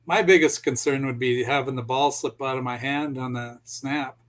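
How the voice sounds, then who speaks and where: A man's voice: medium pitch, steady tone, normal speed, fairly bright tone. A man chatting in a friendly way and telling anecdotes, with an occasional chuckle. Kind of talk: casual chat, storytelling.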